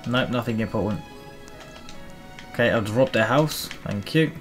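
A man's voice: medium pitch, moderate pace, faint music behind. A man casually commentating a video game as host, cheeky and chatty. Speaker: gaming host. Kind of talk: let's play commentary.

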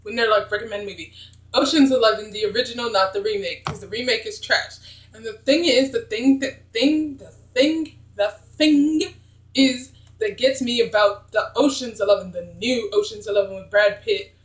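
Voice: mid-range voice, moderate pace. Young, chatty movie vlogger in a roomy space. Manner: chatty, rambling, blunt. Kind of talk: casual movie-review vlog.

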